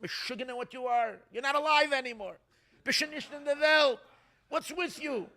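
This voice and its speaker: An old rebbe speaks in sharp, exclamatory bursts, pitched high and loud, as a man voices him while telling a story. He is stern but kindly at heart. His tone is bright and forceful. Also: sing-song, measured pace, full character voice. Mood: scolding. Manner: scolding, exclamatory.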